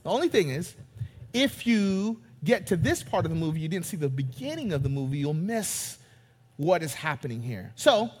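A man preaching a sermon in a church, high-pitched and animated, joking with the congregation. His voice rings out with a long reverb from the big room around him. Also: moderate pace, husky. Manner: animated, joking, retells scenes in character voices. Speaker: pastor. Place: church sanctuary.

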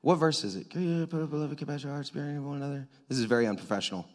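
A male pastor with a fairly high voice preaches fast, swinging between loud, emphatic lines and hushed, intimate near-whispers. He stays conversational and speaks straight to the congregation.

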